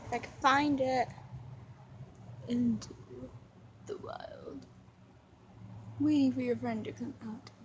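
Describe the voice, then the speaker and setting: A woman's voice: high-pitched, steady tone, fairly quick, dull audio, a little hiss or hum. A young woman rambling in a goofy, mock-dramatic way while filming her dog outdoors. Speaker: vlogger. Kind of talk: casual rambling vlog commentary.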